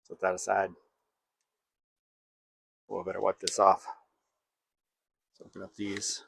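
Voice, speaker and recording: A man's voice: low voice, completely flat delivery, unhurried, creaky, a bit bright, slight background noise. A man hosting a casual home cooking vlog, talking to himself in a playful, jokey way while he cooks in his kitchen.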